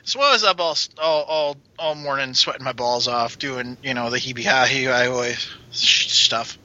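A man's voice: mid-range voice, moderate pace, pushed and bright. A man playing in a tabletop role-play, joking and casual. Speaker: player. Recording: dull lo-fi.

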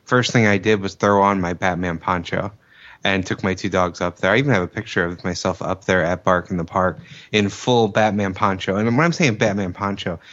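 A man's voice: deep voice, fairly even intonation, brisk, a bit bright, highs cut off. A man co-hosting a podcast, telling stories about himself with self-mocking humor. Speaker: podcast co-host. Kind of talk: casual chat.

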